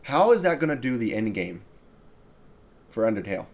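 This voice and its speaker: A man co-hosting a casual gaming chat, excitable and rambling, often trailing off and restarting. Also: mid-range voice, normal speed. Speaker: podcast co-host.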